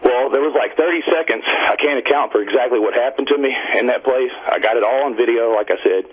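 A man from Indiana calling in to a radio talk show, telling a long story in a rambling, excited way. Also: mid-range voice, quick pace, slightly rough. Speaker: caller. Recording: dull radio line.

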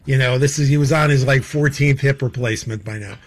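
A man's voice: medium pitch, fairly quick. A man telling stories as a guest in a casual chat, rambling with many fillers and laughing as he goes. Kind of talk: casual anecdotal storytelling.

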